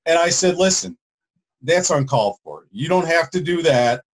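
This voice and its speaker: Man caller with a slightly raised voice, halting and rambling. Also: a little high, expressive, slight background noise, poor audio. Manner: rambling, halting with many fillers. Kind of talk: casual storytelling.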